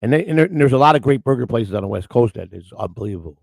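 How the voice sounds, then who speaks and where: A man's voice: mid-range voice, lively intonation, racing, vocal fry, a little mellow, husky, dry recording. An older man hosting a morning show, telling rambling stories with lots of restarts and acted-out quotes. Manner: rambling storyteller with many restarts. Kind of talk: casual rambling chat.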